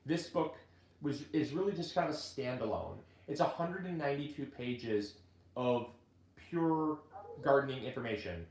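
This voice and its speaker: A man hosting a casual gardening video, chatting in a halting way with many restarts. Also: mid-range voice, expressive, a little mellow, echoey room. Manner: chatty, halting restarts, gets choked up reading. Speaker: gardening channel host and author. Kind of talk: casual live video chat.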